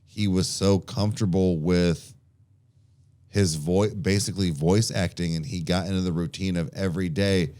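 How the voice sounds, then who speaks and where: A man's voice: low voice, fairly even intonation, normal speed, dark tone. A man co-hosting a podcast in casual chat, rambling with frequent restarts and casual swearing. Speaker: podcast co-host.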